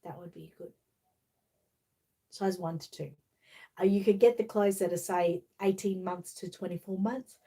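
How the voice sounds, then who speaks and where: Hosting a livestream, an Australian woman chats casually in a sleepy, rambling way full of fillers, then reads a children's storybook aloud. Her fairly low voice is warm and steady in tone, a little slow, with frequent pauses.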